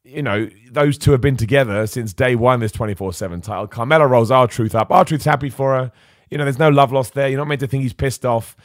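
A man's voice: mid-range voice, brisk, dry recording, studio quality. A man hosting a podcast, chatting casually and with opinions about wrestling, reading out viewer comments and often stumbling over his words. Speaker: podcast host. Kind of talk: casual wrestling chat, reading super chats.

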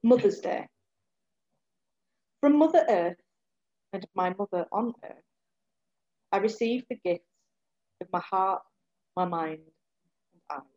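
Soft-spoken woman reading poems. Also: mid-range voice, lo-fi sound. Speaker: poet, guest. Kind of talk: poetry reading and casual chat.

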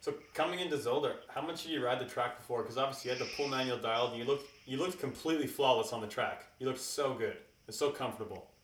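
Excited slangy male podcast host. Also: mid-range voice, quick pace, hardly any pauses, roomy sound, slight background noise. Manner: excited, slangy, says "dude" and "bro". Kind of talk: casual chat.

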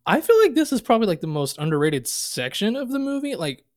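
A man's voice: high-pitched, sing-song, quick pace. A man co-hosting a podcast, casually retelling movie scenes and quoting the lines with swearing. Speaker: podcast co-host. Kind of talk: casual movie recap chat.

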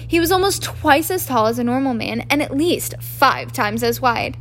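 A woman reading a book aloud as an amateur narrator, in a halting way with frequent restarts. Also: high voice, lively intonation, a bit bright, a little hiss or hum. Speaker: audiobook narrator. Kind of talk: audiobook reading.

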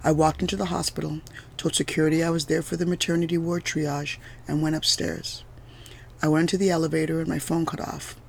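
Give me a woman narrating her own story for a podcast, with a gravelly edge of vocal fry. She keeps a measured, deliberate pace, with every sentence steady and composed. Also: sits low. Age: adult mother of several children. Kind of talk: reading a personal story aloud.

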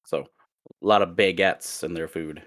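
A man's voice: sits low, fairly even intonation, normal speed. A man dropping in as a guest on a podcast, speaking in a hesitant, apologetic way. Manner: hesitant, apologetic, soft-spoken. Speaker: drop-in guest. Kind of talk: casual chat.

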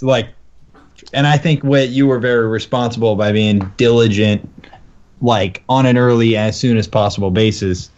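A man's voice: mid-range voice, moderate pace. A man co-hosting a comedy podcast in casual chat, telling stories animatedly and acting out the people he quotes. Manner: animated storyteller, acts out quotes. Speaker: podcast co-host. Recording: dull lo-fi sound.

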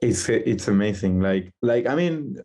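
Chatty Spanish-native musician guest. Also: male voice, on the low side. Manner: chatty and animated, with frequent "like" and quick laughs. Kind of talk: casual interview over a call. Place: in Madrid, recorded remotely.

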